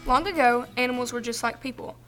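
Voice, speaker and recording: A woman reading a children's folktale aloud, in a clear and expressive storytelling voice. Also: on the high side, fast, faint music behind.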